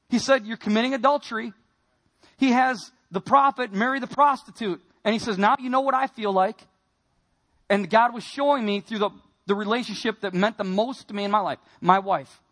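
Man, high voice, personal testimony, earnest storyteller, quiet then emphatic. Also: brisk. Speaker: speaker giving a personal testimony. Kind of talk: emotional testimony sermon.

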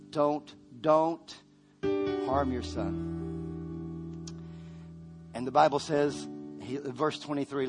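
A man preaching in a church, climbing to shouted peaks and then dropping low and hushed. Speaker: pastor. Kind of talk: sermon. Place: church sanctuary. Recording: music behind the voice.

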